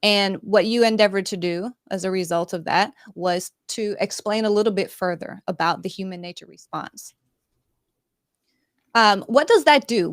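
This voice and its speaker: A woman hosting an interview, asking questions in a friendly, halting way with many fillers. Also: mid-range voice, dry recording, clean studio sound. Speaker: interview host. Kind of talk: conversational interview.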